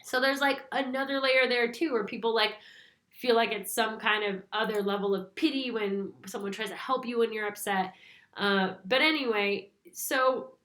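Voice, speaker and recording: A woman's voice: fairly high pitch, moderate pace, a bit bright. A young woman hosting a spiritual talk, rambling casually with lots of "like" fillers. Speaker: spiritual channel host. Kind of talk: casual spoken monologue. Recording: echoey room.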